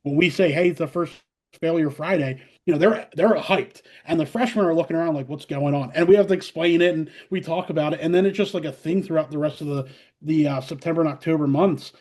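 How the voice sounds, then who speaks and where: A middle-aged man, a college softball head coach, talking casually in an interview and acting out his players' voices as he tells stories. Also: fairly high pitch, quick pace. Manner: animated storyteller, acts out players' voices, many fillers.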